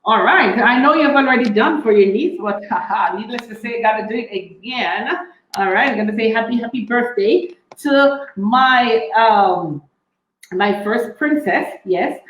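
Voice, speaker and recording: A woman, the host chef of a cooking stream, giving cheerful shout-outs and often saying "all right" between names. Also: on the high side, unhurried, reverberant, a little hiss or hum, low-quality recording. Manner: cheerful, repeats "all right" and "big up yourself".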